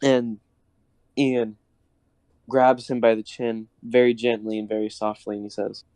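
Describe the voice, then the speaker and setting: A man's voice: mid-range voice, flat delivery, measured pace, dark tone, no echo. A man guesting on a show, laid-back and crude while improvising a silly story. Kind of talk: improvised comedy story with a friend.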